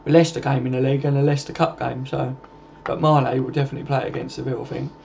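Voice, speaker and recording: A man's voice: medium pitch, level tone, rapid-fire, creaky, a little mellow, dull audio, a little hiss or hum. A man hosting a casual football livestream, chatting and answering viewer comments in a matey, informal way. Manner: chatty, matey, calls everyone mate.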